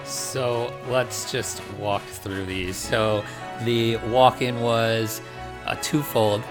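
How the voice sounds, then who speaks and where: A man's voice: medium pitch, fairly even intonation, very slow, over music. A man co-hosting a podcast in casual, joking chat, often breaking into laughter. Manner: joking, laid-back, trailing off into laughs. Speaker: podcast co-host.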